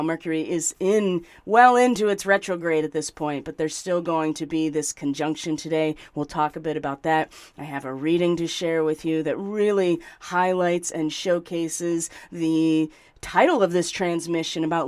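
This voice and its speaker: A woman's voice: low-pitched, a little mellow. A woman hosting her spiritual astrology channel, talking casually and earnestly, explaining at length with fillers. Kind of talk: casual spoken monologue.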